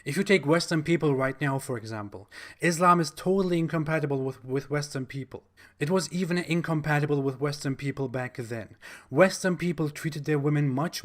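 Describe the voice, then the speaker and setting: A man with a German accent hosting a video, talking in a blunt, mocking monologue with pauses and fillers. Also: fairly high pitch. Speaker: video host.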